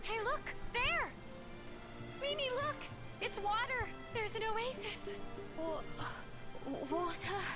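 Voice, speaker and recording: A bubbly, high-voiced young woman. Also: lively intonation, takes it slowly, heavily acted. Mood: overjoyed. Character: peppy young woman, cheerful and eager. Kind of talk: game voice acting. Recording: game audio with loud music behind.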